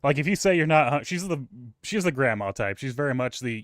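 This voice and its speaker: Co-hosting a podcast, a man chats casually and tells meandering, foul-mouthed stories loaded with fillers. His medium-pitched, slightly bright voice is brisk with lively intonation, recorded clean in the studio with no room sound.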